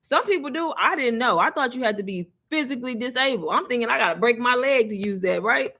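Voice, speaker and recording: A woman, casually telling her viewers a story, chatty and animated, often laughing. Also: on the high side, fairly quick, few pauses. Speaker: online business creator.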